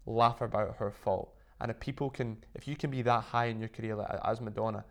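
A man being interviewed as a guest, telling stories in a lively way and filling his speech with "like". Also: fairly low pitch, fairly quick, gravelly. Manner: animated storytelling, full of "like" fillers. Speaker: interview guest, business owner. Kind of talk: casual interview chat.

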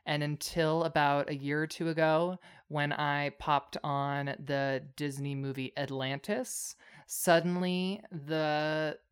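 A young man in his twenties chats casually as a podcast co-host. His voice is smooth and clean. He winds through long stories, filling them with "like" and "um". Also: a little high, flat delivery, slow pace. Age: 20s. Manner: rambling storyteller, lots of "like" and "um". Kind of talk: casual chat.

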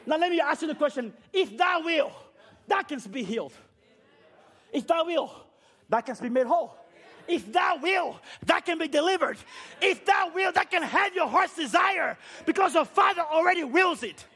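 A man preaching a fiery sermon, shouting repeated rhetorical questions and dropping to quiet low passages. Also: lively intonation, normal speed.

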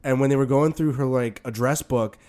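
A man's voice: mid-range voice, fairly even intonation, darkish tone. A man from New Orleans, co-hosting a podcast, telling stories in casual chat with lots of fillers. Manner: fast, filler-heavy storytelling. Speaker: podcast co-host.

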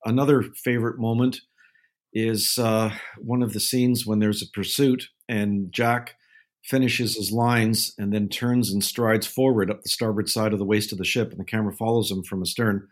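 An older man, a guest film advisor, telling anecdotes in a measured way with frequent filler pauses. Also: fairly low pitch, steady tone. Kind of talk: casual storytelling interview.

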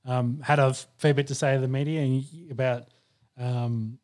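A man's voice: medium pitch, little pitch movement, moderate pace, darkish tone. A man co-hosting a sports podcast, easygoing and agreeable, with many fillers. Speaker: podcast co-host. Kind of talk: casual sports chat.

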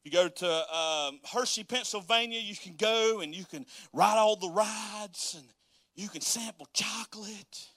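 High, bright-voiced animated preacher man. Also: a little slow, no room sound. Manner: animated, acts out everyday scenes in quoted voices; folksy, casual speech with frequent asides. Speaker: pastor. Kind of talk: sermon.

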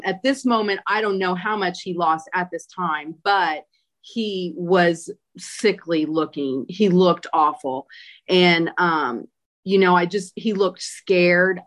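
A woman's voice: lowish voice, takes it slowly. A woman giving an interview, retelling a personal experience emphatically with many fillers. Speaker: interview guest. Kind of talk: personal account in a conversational interview.

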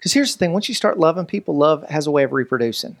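A man, preaching a lively, joking sermon as pastor. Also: a little high, fast talker, creaky. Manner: animated, joking, preacherly delivery with voices and asides.

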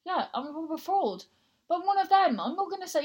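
A woman's voice: very high-pitched, sing-song, fast, a little mellow. Cornish woman in her 20s rambling on her podcast, bouncy up and down voice. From Cornwall, England. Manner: chatty, rambling, prone to tangents. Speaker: podcast host. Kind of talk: casual chat.

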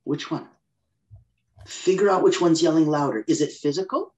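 A man's voice: on the high side, normal speed. A man as a guest on a podcast interview, explaining with energy and acting out inner voices. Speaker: guest expert.

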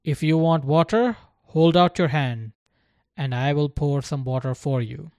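A narrator voicing a stern elderly man who shouts a sharp warning, in a storybook reading. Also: medium pitch, unhurried, no room sound, natural voice. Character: elderly man guarding a water pot, stern.

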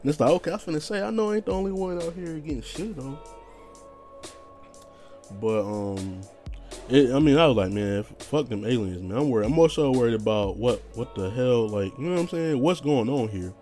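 A man's voice: medium pitch, animated, fairly quick, dark tone, soft background music. A young man hosting his own podcast, rambling casually in a laid-back, profane, slang-heavy monologue. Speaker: podcast host.

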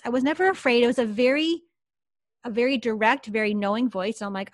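A woman's voice: on the high side, a little fast, no room sound. Woman medium chatting on a podcast, dry close sound, talks with lots of "like"s. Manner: lively, chatty, many fillers like "like". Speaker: psychic medium guest. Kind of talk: storytelling in a podcast interview.

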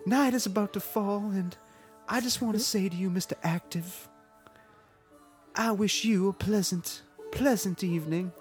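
A woman's voice: medium pitch, faint music behind, voice pushed up, close to an everyday voice. Woman putting on a sugary prim old lady. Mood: gushing sincere. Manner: slow, sugary and overly polite. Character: prim sweet elderly woman named Gladys.

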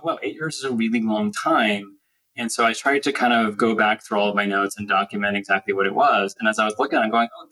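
A man's voice: lowish voice, bright, forceful tone, poor audio. A man guest in an interview, telling reflective stories about his career, with frequent restarts. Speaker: guest, finance executive. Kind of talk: podcast interview.

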